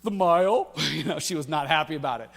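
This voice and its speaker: Bright-voiced animated pastor. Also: male voice, a little high, fast, vocal fry. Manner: animated storytelling. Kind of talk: sermon. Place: church auditorium. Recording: echoey church hall.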